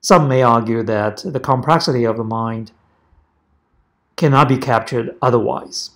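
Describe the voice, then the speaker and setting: A professor giving a prepared lecture, speaking in measured, deliberate phrases. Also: male voice, mid-range voice, fairly bright tone. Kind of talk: prepared academic presentation.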